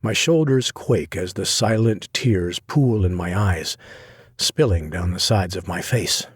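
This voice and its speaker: A man narrating a dark romance audiobook in the first person, intense and grave. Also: low voice, a little slow, husky, no room sound, studio quality.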